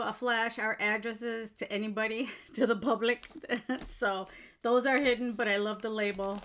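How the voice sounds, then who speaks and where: With a mid-range, slightly bright voice, a woman jewelry-making vlogger gushes over an unboxing while chatting casually to her viewers. She exclaims with delight again and again, filming in a bedroom at home set up as her filming room.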